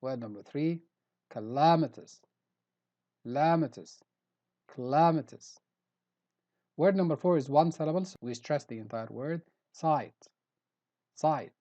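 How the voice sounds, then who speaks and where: A man's voice: a little high, unhurried, long pauses, warm tone. A middle-aged man teaching English vocabulary, carefully repeating each word to show the stressed syllable. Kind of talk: pronunciation lesson. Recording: dull lo-fi recording.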